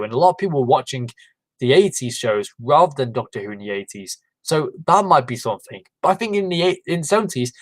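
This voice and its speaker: A man's voice: mid-range voice, no room sound, poor audio. A man hosting a casual livestream, rambling with many fillers and restarts. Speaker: livestream host. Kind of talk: casual chat.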